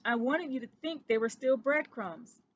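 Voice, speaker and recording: A woman doing a squeaky, remorseful little boy mouse. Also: normal speed, highs cut off, a little hiss or hum, close to an everyday voice. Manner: squeaky, tearful, apologetic.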